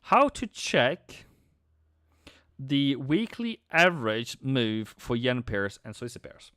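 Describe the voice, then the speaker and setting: Man, live stream host, excitable, slangy, slow-paced, smooth voice. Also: mid-range voice, no room sound, clean studio sound. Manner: excitable, slangy, calls viewers mate and bro. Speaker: forex trading streamer. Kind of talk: live trading stream commentary.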